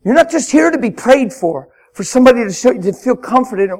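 A man preaching a spontaneous sermon in a church, fervent and emphatic, repeating his phrases and swinging up into loud shouts. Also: high-pitched, lively intonation, brisk. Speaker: traveling preacher. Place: church hall with congregation.

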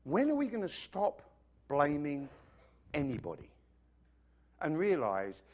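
A male pastor preaching a sermon in church, animated, asking the congregation questions and acting out the voices he quotes. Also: on the high side, unhurried.

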